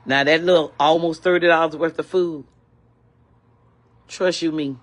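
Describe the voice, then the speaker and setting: A woman's voice: sits low, fairly even intonation, a little slow. An older woman ranting angrily in a vlog, repeating herself with indignant, preachy emphasis. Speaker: vlogger. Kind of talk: angry complaint rant.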